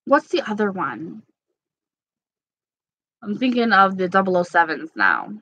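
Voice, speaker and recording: A woman's voice: mid-range voice, very animated, measured pace, pushed and bright, no room sound. A woman casually chatting with her viewers, playful and gossipy, laughing often. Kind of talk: casual chat reading live comments.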